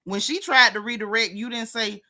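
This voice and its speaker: A woman's voice: on the high side, normal speed, pushed and bright. A woman hosting a casual gossip livestream, sassy and mocking as she talks straight to her viewers. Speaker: host of a gossip channel.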